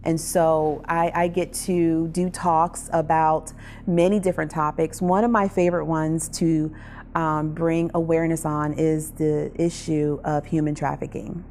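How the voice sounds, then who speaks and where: Woman telling her story, lowish warm voice, soft music behind, earnest, keeps restarting. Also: level tone, unhurried. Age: adult parent. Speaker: survivor advocate and speaker. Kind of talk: personal testimony.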